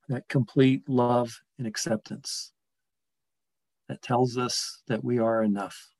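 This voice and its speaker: A man preaching a sermon in a gentle, reflective way, slowing and softening his voice on key words. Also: mid-range voice, no room sound, rough recording. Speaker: pastor.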